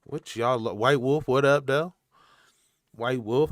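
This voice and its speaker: A man's voice: medium pitch, takes it slowly, dry recording, studio quality. Slangy laid-back man on a live stream. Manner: loose, slangy, laughing often. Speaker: podcast host reading live chat. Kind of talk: casual live-stream chat. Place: home.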